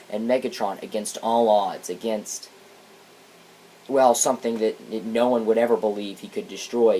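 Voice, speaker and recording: A man's voice: fairly low pitch, a little mellow, slight background noise, poor audio. A man giving a casual spoken comic review, rambling and hesitant, often restarting his sentences.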